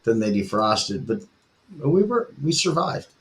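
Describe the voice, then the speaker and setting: A man's voice: medium pitch, sing-song, a little slow. A middle-aged man, host and band musician, in rambling, profane casual chat with lots of filler and laughter.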